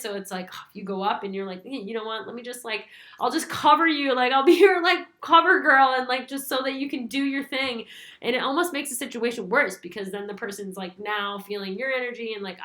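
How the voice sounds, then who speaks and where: A woman's voice: on the high side, bright, forceful tone. A young woman hosting a spiritual talk, rambling casually with lots of "like" fillers. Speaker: spiritual channel host. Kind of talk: casual spoken monologue. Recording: echoey room.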